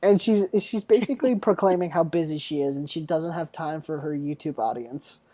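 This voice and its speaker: A man's voice: on the high side, a little fast, mellow, dry recording. A young man hosting a casual podcast chat, joking and teasing his guests and laughing often. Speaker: podcast host.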